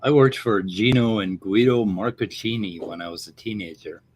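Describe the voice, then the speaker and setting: A man's voice: on the low side, moderate pace, slightly rough. A man co-hosting a casual chat show, rambling and a bit profane as he tells stories. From Minnesota, USA. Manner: rambling, profane, animated storytelling. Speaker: podcast co-host.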